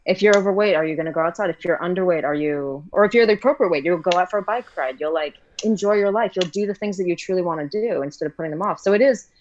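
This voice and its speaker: A woman's voice: on the low side, quick pace, hardly any pauses, darkish tone, muffled recording, a little hiss or hum. A woman hosting a casual talk, effusive and hesitant, with many "like" fillers. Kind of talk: casual conversation.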